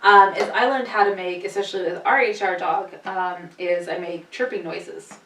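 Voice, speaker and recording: A woman's voice: on the low side, fairly even intonation, normal speed, a bit bright, recorded from a distance, a little hiss or hum. Chatty woman in an echoey room. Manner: chatty, storytelling, light laughter. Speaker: guest. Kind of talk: casual chat.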